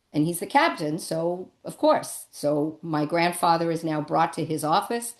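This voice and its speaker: A woman's voice: fairly low pitch, unhurried, gravelly. Middle-aged woman telling a family story. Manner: conversational storytelling, many ums and restarts. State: emotional. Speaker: presenter. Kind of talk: personal family-history talk.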